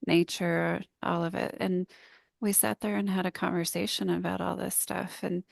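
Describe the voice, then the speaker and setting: A woman's voice: lowish voice, level tone, normal speed, gravelly, no room sound, studio quality. A woman, a business coach and public speaker, telling an earnest, heartfelt story in a casual podcast conversation.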